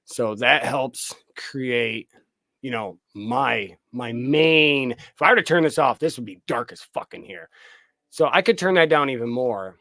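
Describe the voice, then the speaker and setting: A man's voice: medium pitch, animated, unhurried, pushed and bright, no room sound. A man, a film director guest, chatting casually on a podcast, swearing freely and acting out his own reactions.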